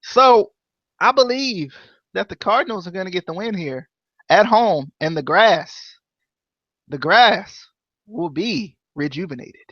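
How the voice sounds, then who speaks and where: A man's voice: high-pitched, lively intonation, measured pace, fairly bright tone, dry recording, dull audio. A man co-hosting a podcast, chatting playfully about football picks and breaking into sing-song chants. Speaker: podcast co-host. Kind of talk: casual chat, football picks.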